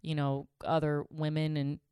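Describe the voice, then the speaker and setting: A woman's voice: low voice, completely flat delivery, moderate pace, warm tone, clean tone, no echo, studio quality. A woman in her thirties chatting casually as a podcast co-host, telling blunt, candid stories. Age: 30s. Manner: candid storytelling, blunt, heavy on "like". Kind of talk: casual chat.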